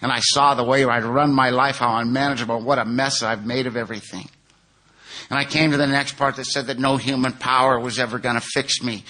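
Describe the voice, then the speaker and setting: Bright-voiced, earnest recovery speaker man. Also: medium pitch, steady tone, brisk. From California. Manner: earnest, plain-spoken storytelling. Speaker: speaker at a 12-step conference. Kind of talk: personal recovery testimony.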